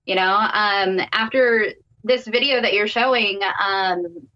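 A woman's voice: medium pitch, slow pace. Upset woman guest on a dull lo-fi line. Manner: upset, hesitant, many fillers. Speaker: guest business owner.

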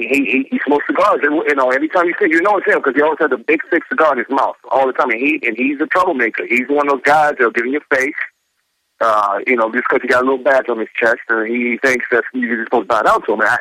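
A man calling in to a radio show, talking fast with halting repeats. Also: mid-range voice, bright, forceful tone, dry recording, rough recording. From New York. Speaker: caller. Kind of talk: call-in radio talk.

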